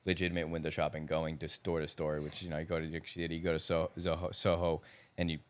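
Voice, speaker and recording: A man's voice: extremely low pitch, flat delivery, quick pace. A man co-hosting a podcast in a laid-back style, laughing easily and swearing now and then. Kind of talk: casual podcast chat.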